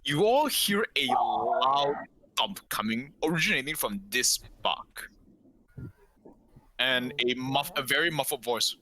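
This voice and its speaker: A man's voice: mid-range voice, lively intonation, takes it slowly, crowd noise, low-quality recording. A man running a tabletop game as game master, patient and given to repeating reassurances. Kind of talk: narrating a tabletop game online.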